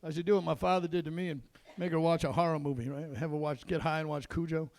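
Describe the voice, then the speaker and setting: A middle-aged man doing a stand-up comedy set in a comedy club, telling gruff, self-deprecating stories with quick asides. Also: fairly high pitch, steady tone, a little mellow, dry recording.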